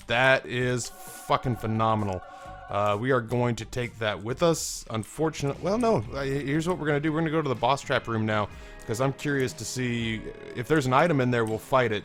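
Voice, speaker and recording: A man's voice: mid-range voice, a bit bright. Congested man rambling through game commentary. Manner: rambling, self-deprecating, swears casually. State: congested, sick voice. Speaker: gaming commentator. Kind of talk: casual let's-play commentary.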